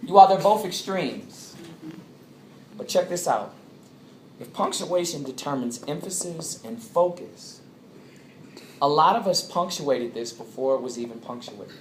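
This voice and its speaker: A man giving an animated talk to a live audience in a coffeehouse, drawing answers from the listeners. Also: a little high, unhurried, long pauses, slight background noise. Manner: animated, draws answers from the crowd. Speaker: speaker. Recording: echoey room with loud ambience.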